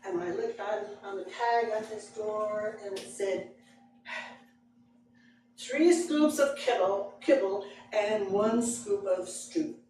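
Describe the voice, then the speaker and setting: A woman storyteller telling a personal tale to a live audience, slow and dramatic with frequent chuckles. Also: mid-range voice. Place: library event room with live audience. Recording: echoey hall, distant mic, background noise.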